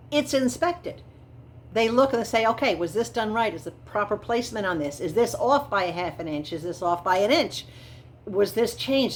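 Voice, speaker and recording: A woman's voice: mid-range voice, a little hiss or hum. A middle-aged woman vlogger chatting casually and enthusiastically about a home build, rambling a little with fillers.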